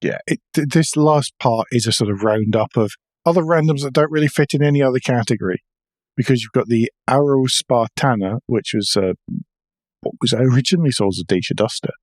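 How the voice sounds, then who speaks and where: Male podcast co-host, mid-pitched, casual and halting, dry close mic. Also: a little mellow, no echo. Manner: chatty, hesitant with fillers and restarts. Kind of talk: casual chat.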